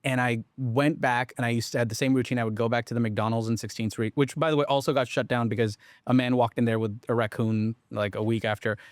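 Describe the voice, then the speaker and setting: A man founder telling a story in casual conversation, rambling and animated with lots of fillers, restarts and the odd swear. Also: mid-range voice, fast, few pauses, dry recording, clean studio sound. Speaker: startup founder.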